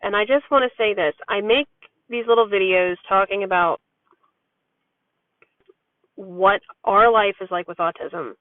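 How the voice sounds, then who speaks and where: Her mid-range voice runs a little slow and pauses often as this parent vlogger talks openly, in a loose and chatty way, about her life with children. The candid monologue has no room sound and a thin, dry, phone-style quality.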